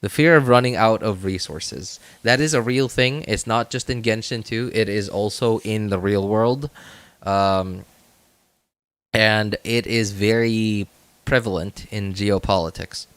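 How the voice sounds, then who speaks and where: A man's voice: fairly low pitch, unhurried, smooth, no echo. A man streaming a video game, chatting casually and rambling, with frequent self-corrections and laughs. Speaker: gaming streamer. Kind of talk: casual gameplay commentary.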